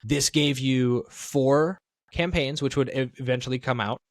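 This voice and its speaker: A man's voice: mid-range voice, a little slow, no room sound. A man co-hosting a podcast in casual talk, rambling and correcting himself as he thinks aloud. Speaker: podcast co-host.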